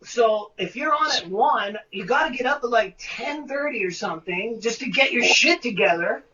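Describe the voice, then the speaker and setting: A man, a guest, telling profane, animated stories in casual conversation over a video call. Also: very high-pitched, normal speed, recorded from a distance, dull audio. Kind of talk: casual storytelling.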